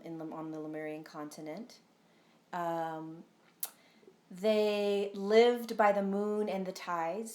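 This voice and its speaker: A fairly low-pitched woman talks casually on a live stream as a spiritual teacher, the sound reverberant and captured on a phone. She rambles earnestly, sprinkling in ums and tag questions.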